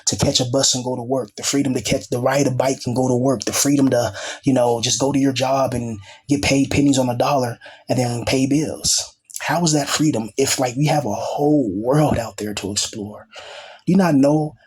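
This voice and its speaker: A man's voice: mid-range voice, steady tone, moderate pace, darkish tone, breathy edge. A man talking in a casual, rambling monologue as a self-styled teacher, peppering his talk with asides like "you know" and "bro".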